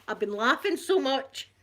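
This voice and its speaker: Chatty Scottish woman vlogging. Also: medium pitch. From Scotland. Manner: chatty, giggly storyteller greeting viewers by name. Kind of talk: casual live-stream chat.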